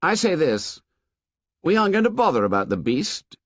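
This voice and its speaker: A man's voice: fairly high pitch, big pitch swings, moderate pace, dry recording, voice pushed up. A man voicing a bossy, domineering boy leader who gives orders with self-assurance. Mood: commanding. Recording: dull, dry studio audio.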